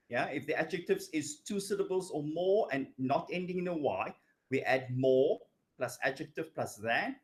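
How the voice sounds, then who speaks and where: A man teaching an English grammar lesson, drawing out his words and checking in with "okay" and "yeah" as he goes. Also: on the high side. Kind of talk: recorded grammar lecture.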